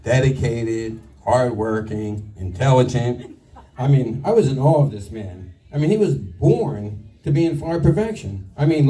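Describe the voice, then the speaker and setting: A man giving a crude, self-deprecating roast speech at a party, with halting fillers. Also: medium pitch, dark tone. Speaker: retirement roast speaker. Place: banquet room with a crowd. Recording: distant mic, noisy room. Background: crowd laughter and chatter.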